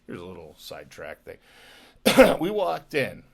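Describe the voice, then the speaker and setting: A drunk man from western Canada hosts his own talk show, rambling loosely from one profane story to the next. His voice sits low with a gravelly edge, yet sounds bright, and his pitch swings widely as he goes. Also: wildly swooping pitch, unhurried. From Alberta, Canada. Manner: rambling, profane, laughing asides. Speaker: podcast host.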